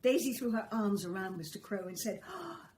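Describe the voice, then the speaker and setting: A woman reading a children's story aloud, in a gentle, expressive storytelling manner. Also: medium pitch, a little fast, slight background noise, low-quality recording.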